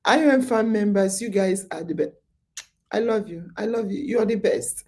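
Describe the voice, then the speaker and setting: A woman's voice: medium pitch, normal speed, darkish tone. A woman hosting a casual podcast chat. She sounds sleepy and tells a long story, repeating her phrases with lots of fillers. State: sleepy, yawning. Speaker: podcast host. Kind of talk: casual live-stream chat.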